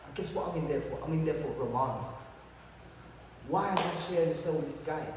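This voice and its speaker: A young man with a London accent telling a youth audience an animated story full of slang and sound effects. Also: on the high side, brisk. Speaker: motivational speaker at youth event. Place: large hall at youth event. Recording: echoey hall, distant mic, background noise.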